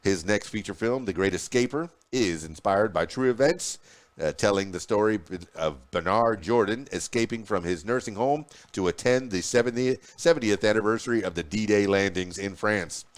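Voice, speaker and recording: A man's voice: lowish voice, normal speed. A man hosting a podcast, reading news headlines and history facts aloud with small slips and restarts. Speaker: podcast host.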